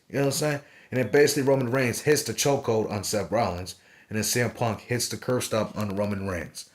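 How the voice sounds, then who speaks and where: A man gives a rambling, swear-heavy recap of a wrestling event in a casual review style. His voice sits at an ordinary mid pitch, and he keeps checking in with "right?" and "you know what I'm saying" as he talks. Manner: profane, rambling, fillers like "right?".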